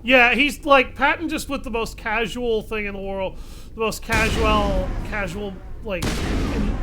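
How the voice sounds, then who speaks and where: Brief: male let's-play streamer, high voice, crude banter, game noise loud underneath. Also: steady tone, measured pace. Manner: profane, joking, talks back to the game.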